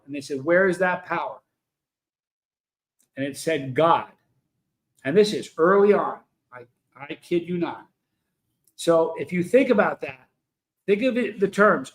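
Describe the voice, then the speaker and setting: A man's voice: high voice, low-quality recording. A man hosting a livestream in a casual, emphatic way, telling a story and speaking directly to viewers in the chat. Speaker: livestream host.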